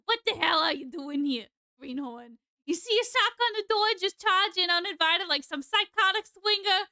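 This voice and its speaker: A woman voicing a foul-mouthed, bossy adult woman coworker with a loud, brash, threatening delivery, reading a visual novel aloud. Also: extremely high pitch, expressive, normal speed, no room sound, voice pushed up, heavily acted. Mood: brash scolding. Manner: loud, profane, bossy tirades with a faintly East Coast lilt.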